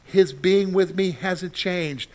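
A male pastor with a high-pitched voice delivers a sermon. He talks animatedly, jumping from loud bursts to hushed, gentle lines. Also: slow pace. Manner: animated, swings from loud outbursts to soft quiet lines.

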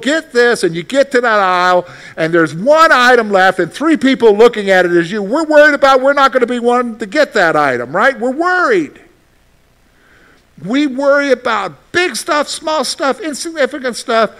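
High-voiced man preaching a sermon. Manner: reads scripture slowly, then preaches with lively rhetorical questions. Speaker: pastor.

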